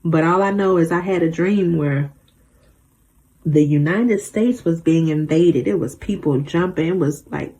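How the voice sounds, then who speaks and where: A woman's voice: deep voice, unhurried, warm tone. A woman tarot reader in a casual vlog monologue, rambling through stories in a blunt, emphatic way with slang and mild swearing.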